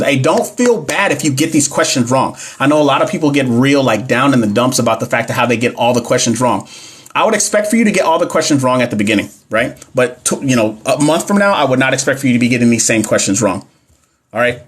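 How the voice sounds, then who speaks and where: A man teaching nursing exam questions on a livestream, animated, repeating his points and talking to his chat. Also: mid-range voice, slightly rough. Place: home livestream. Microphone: phone.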